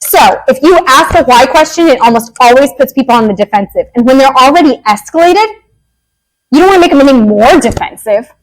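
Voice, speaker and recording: High-pitched woman running a parent workshop, jokey and animated. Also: poor audio. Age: adult parent. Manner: lively, joking, acts out quick quotes. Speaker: behavior analyst presenter.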